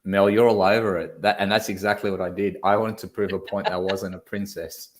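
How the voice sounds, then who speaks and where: An Australian man co-hosting a relaxed online chat, spinning a lively anecdote. He speaks in a fairly low voice, with a loose, animated delivery and a casual swear or two thrown in. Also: fairly quick. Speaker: co-host.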